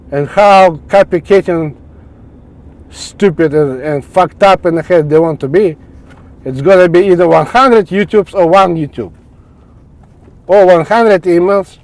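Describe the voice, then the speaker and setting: A man's voice: on the high side, darkish tone. A man ranting angrily to camera in a vlog, swearing constantly and repeating himself in broken phrases. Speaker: vlogger. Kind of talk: angry profane rant to camera. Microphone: wireless clip mic.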